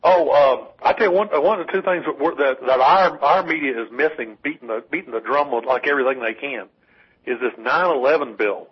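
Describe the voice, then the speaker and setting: A man's voice: medium pitch, brisk, husky. A man co-hosting a casual political talk radio show, rambling with many restarts and wry asides. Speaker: call-in co-host. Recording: dull lo-fi radio broadcast.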